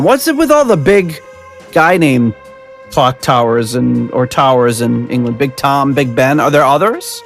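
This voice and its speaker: A man's voice: mid-range voice, lively intonation, normal speed, soft background music. A man hosting a podcast, chatting casually and rambling with laughs and restarts. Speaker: podcast host.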